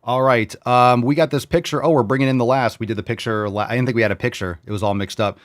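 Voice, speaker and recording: A man in his forties from New York hosting a fitness show, reading viewer meals aloud in a loud, brash, profane, riffing way. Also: medium pitch, fairly even intonation, quick pace. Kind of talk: casual chat reading viewer posts.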